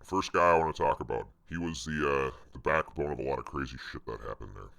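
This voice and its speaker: A man's voice: rumbling low, quick pace, vocal fry, pushed and bright. A man casually telling rambling, profane stories from his restaurant job. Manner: profane, rambling, self-mocking. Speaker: vlogger telling work stories. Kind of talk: casual storytelling.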